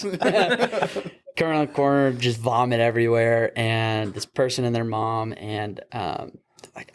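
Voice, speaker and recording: Young man, paramedic podcast host, casual storytelling, animated, laughs a lot. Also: medium pitch, a little slow, clean tone. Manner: animated, acts out voices in his stories, laughs often. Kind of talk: casual storytelling over beers.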